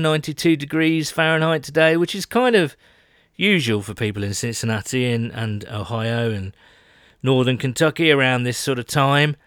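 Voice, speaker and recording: A man's voice: mid-range voice, a bit bright, clear, resonant tone, dry recording. British male podcast co-host, chatty and self-mocking, recorded close and dry. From Britain. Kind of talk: casual podcast chat. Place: home, London.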